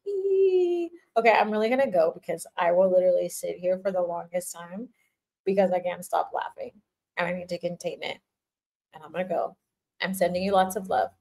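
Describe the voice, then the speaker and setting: A woman's voice: on the low side, steady tone, fairly quick, gravelly, darkish tone. An older woman hosting a livestream as a spiritual teacher, chatting casually in a playful, giggly way and laughing often.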